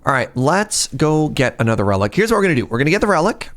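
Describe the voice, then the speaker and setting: A man giving casual, excitable commentary while streaming a video game and chatting with his viewers. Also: a little high, fast. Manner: excitable, chatty, talks to chat.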